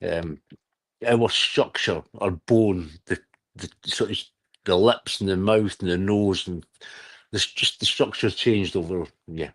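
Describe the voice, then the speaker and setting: A man's voice: low-pitched, a little slow. A middle-aged man, hosting a casual livestream chat, rambling, swearing and laughing often. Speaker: livestream host.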